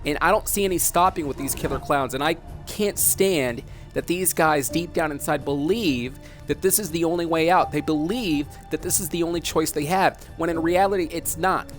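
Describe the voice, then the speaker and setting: A man with a slightly high voice hosts a dramatic commentary vlog. He talks emphatically, circles back to his points and fires off rhetorical questions. Soft music plays faintly underneath. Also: moderate pace, hardly any pauses. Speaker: host.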